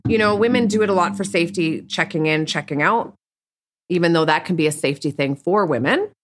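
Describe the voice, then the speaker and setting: A Canadian woman with a fairly low voice talks a little fast as a podcast guest. She's candid and blunt, rambling and restarting her sentences often.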